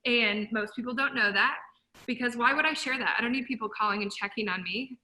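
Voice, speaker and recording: A woman speaking as a guest, telling her story in a passionate, blunt motivational way and loudly quoting herself. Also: on the high side, brisk, low-quality recording. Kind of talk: emotional motivational talk.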